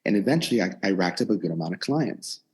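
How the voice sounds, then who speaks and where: A man in his 20s, owner of a gym in a converted storage unit and a personal trainer, shares his story in a casual interview. His deep, slightly rough voice moves at a quick pace as he animatedly acts out what he and others said.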